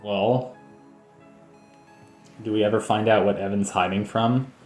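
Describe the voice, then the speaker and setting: Let's play host, male, lower voice, rambling jokey commentary, echoey room. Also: steady tone, a little slow, a little mellow, faint music behind. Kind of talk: casual gameplay commentary.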